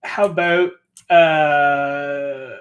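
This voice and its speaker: A man's voice: on the high side, fairly even intonation, extremely slow, fairly bright tone. A man playing a board game, haggling over a trade and working it out aloud with hesitant fillers. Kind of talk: casual game-table chat.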